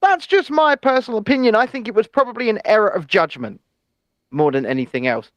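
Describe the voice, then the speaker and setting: A man's voice: high-pitched, very animated, brisk, no room sound. A man co-hosting a casual news chat show, talking in an opinionated, chatty way with hedging asides. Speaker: co-host.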